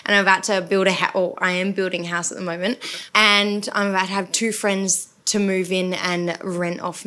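A woman's voice: mid-range voice, sharp tone, smooth. Rambling young woman. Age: 20s. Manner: rambling, nervous, self-correcting. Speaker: audience member asking a question. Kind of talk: live Q&A question.

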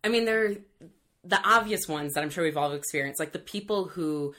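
A woman's voice: sits low, brisk, a bit bright. Blunt joking woman podcast co-host. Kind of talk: casual chat.

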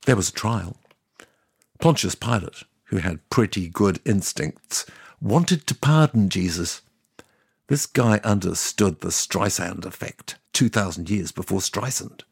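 An actor playing God as a sardonic narrator, telling the story in a scripted comic style with offhand asides. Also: male voice, low-pitched, animated, measured pace, breathy edge, no echo, clean studio sound, exaggerated voice. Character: God as a sardonic, boastful narrator, ageless man.

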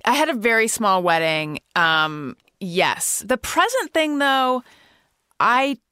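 A woman's voice: fairly high pitch, sing-song, takes it slowly, sharp tone, clean tone, no echo, studio quality. A woman hosting a casual podcast chat who listens, sympathizes and relates her own experience. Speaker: podcast host.

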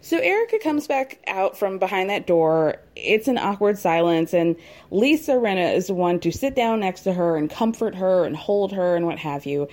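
A woman's voice: medium pitch, expressive, normal speed, darkish tone. A young adult woman recapping a reality TV show in casual, gossipy commentary, laughing often and dropping sassy asides.

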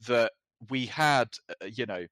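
A man co-hosting a casual chat, relaxed and halting, with many fillers and restarts. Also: medium pitch, no echo. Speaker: podcast co-host.

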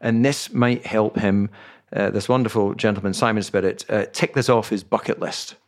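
A man's voice: on the low side, steady tone, normal speed, vocal fry. A man co-hosting a podcast in casual chat, teasing his partner wryly and reading out listener questions. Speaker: podcast co-host.

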